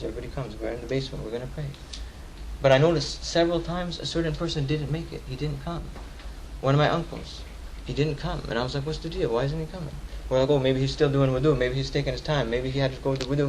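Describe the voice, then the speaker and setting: Fast-talking young man preaching with slang. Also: mid-range voice, a little hiss or hum, poor audio. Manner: casual street slang, emphatic repetition. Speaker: khutbah speaker. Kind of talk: Friday sermon.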